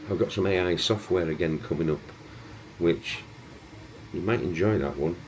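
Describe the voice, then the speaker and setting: A man's voice: low-pitched, moderate pace, a little hiss or hum. A man with a broad Yorkshire accent, hosting a casual vlog in a chatty, easygoing way. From England. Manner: chatty and easygoing, with plain everyday phrasing. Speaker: host. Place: room with 3D printers running.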